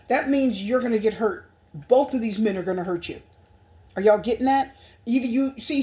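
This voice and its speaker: A woman with a twang reads tarot cards for her viewers in a gushing, spiritual way, circling back over the same words again and again. Her voice sits a little on the high side. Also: darkish tone. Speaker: tarot reader.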